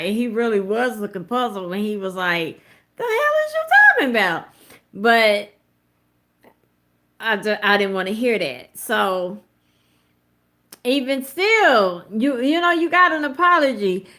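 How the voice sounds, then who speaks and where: A woman's voice: fairly high pitch, a bit bright. Blunt woman in her thirties. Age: 30s. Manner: blunt, emphatic, profane; conversational, addresses viewers directly. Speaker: host of a live commentary show. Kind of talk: casual live commentary.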